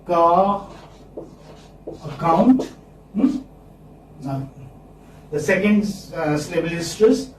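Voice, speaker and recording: A man's voice: a little high, animated, slight background noise. A male teacher, giving a phonetics lesson in a classroom and prompting students with repeated questions. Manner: slow, drawn-out, coaxing students with repeated questions. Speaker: English teacher. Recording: echoey classroom from far off.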